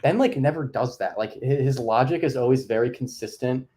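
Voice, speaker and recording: Young male guest, easygoing, chatty, average pitch. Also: brisk, mellow. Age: young adult. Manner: easygoing, filler-heavy with frequent "like". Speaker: podcast guest. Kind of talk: casual chat.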